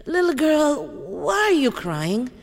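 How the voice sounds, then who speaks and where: A man's voice: extremely high pitch, wildly swooping pitch, takes it slowly, long reverb tail, voice pushed up, heavily acted. A man voicing a prim little old lady who lectures a child. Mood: scolding.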